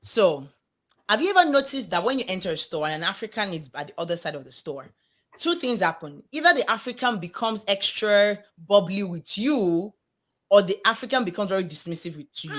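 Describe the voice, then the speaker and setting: A woman with a Nigerian accent, co-hosting a casual chat podcast and telling stories with lively acted-out dialogue. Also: medium pitch, fairly quick. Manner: animated storytelling, acts out dialogue. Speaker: podcast co-host.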